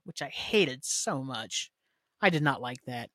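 A man with an expressive, mid-range voice and a sharp tone hosts a podcast at a moderate pace, recorded in a clean studio with no echo. Speaking solo and casually, he rambles through a TV recap, using lots of fillers and some swearing.

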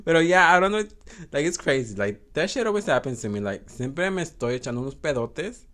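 Young guy rambling on his podcast, cussing a lot, laughing, voice jumps all over, a bit high. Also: very animated, moderate pace, a bit bright. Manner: crude, laughing, switches between English and Spanish. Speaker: podcast host. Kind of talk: casual solo podcast chat.

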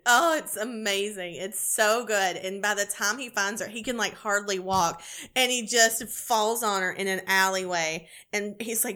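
Woman podcast co-host, bright tone, enthusiastic and profane book pitch. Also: a little slow. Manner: excited, gushing, swears freely. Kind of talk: casual chat about romance books.

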